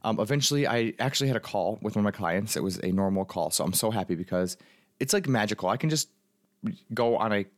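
A man with a fairly low voice rattles through a personal story at a quick clip. He talks casually, a life coach who keeps acting out his own past thoughts. The speech is loose and full of fillers. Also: dry recording, studio quality. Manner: fast, chatty, filler-heavy, animated retelling.

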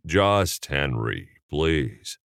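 A man's voice: low voice, lively intonation, slow pace, clear, resonant tone, no echo, clean studio sound. Man doing a lazy-drawling film star. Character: Henry Fonda impression, laid-back middle-aged man.

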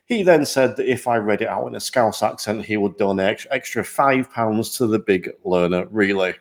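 A man hosting a podcast, upbeat and self-deprecating, with lively jumps in pitch. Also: moderate pace. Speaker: podcast host.

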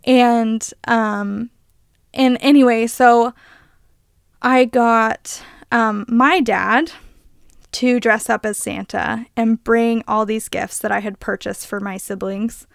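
A woman's voice: fairly high pitch, steady tone, slow pace, creaky, clean tone, dry recording, clean studio sound. A woman in her twenties co-hosting a podcast, telling stories in casual chat with lots of "like" fillers. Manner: chatty storyteller, many "like" fillers. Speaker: podcast co-host.

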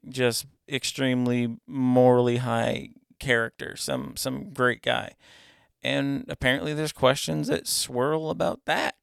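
A man's voice: mid-range voice, creaky, clear, resonant tone, no echo, clean studio sound. A man co-hosting a podcast in casual chat, talking emphatically and asking pointed questions. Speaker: podcast co-host.

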